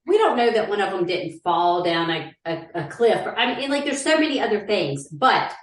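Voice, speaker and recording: Animated woman in an echoey room. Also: normal speed, far from the mic. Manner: animated, swinging pitch, blunt and profane. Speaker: podcast co-host. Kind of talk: casual chat.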